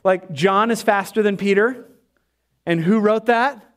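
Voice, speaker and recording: A male pastor preaching a sermon in an animated, emphatic way, repeating his key phrases. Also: sits high, a little slow.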